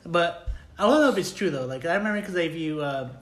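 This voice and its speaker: A man's voice: fairly high pitch, animated, quick pace. A man in casual chat, swearing freely and acting out both sides of his stories. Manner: swears constantly, acts out dialogue in stories. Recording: echoey room.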